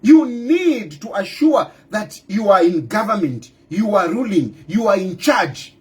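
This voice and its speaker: A middle-aged man with a Zambian accent speaks in a strikingly high voice that leaps up and down. He repeats his points over and over as he fires rhetorical questions. Now and then he breaks into a loud outburst. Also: big pitch swings, measured pace. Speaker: opposition party leader. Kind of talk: impassioned political monologue.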